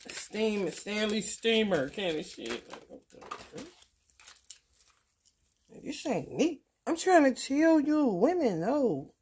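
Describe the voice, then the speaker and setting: Woman tarot reader with a fairly high voice, speaking in a blunt, profane rant that jumps from shouting to muttering. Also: big pitch swings, slow pace. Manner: blunt, profane, swinging between loud outbursts and muttered asides. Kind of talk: casual tarot reading rant.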